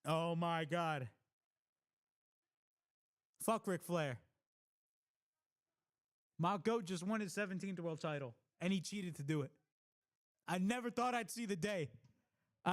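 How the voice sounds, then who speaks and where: An excitable man hosting a live reaction stream, his high voice leaping all over the place between unhurried stretches of talk. He swears casually and breaks into loud shouts when the action peaks. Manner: excitable, blurts exclamations and shouts at big moments.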